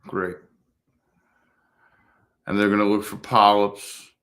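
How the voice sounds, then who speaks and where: A man's voice: fairly low pitch, flat delivery, takes it slowly, fairly bright tone. A man in his fifties chatting casually on a livestream, rambling and swearing, mimicking other people in a raised voice. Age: 50s. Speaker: motovlogger livestreaming to viewers.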